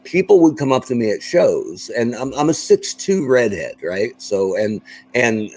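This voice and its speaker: The audio is poor as a middle-aged man with a medium-pitched voice speaks at a measured pace. Guesting on a podcast, he chats easily and plays out the dialogues in his stories like an animated storyteller.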